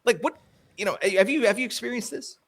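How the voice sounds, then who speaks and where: A man co-hosting a fantasy hockey podcast, chatting casually in an animated, joking, rambling way. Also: sits high, fairly quick. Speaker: co-host.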